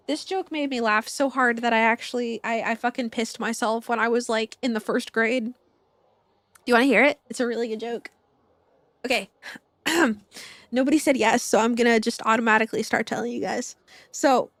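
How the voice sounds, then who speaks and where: A woman's voice: a little high, fairly bright tone, no echo. A young woman streaming a game, chatting casually, telling jokes, swearing, and breaking into squeals and giggles. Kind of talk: casual gameplay commentary.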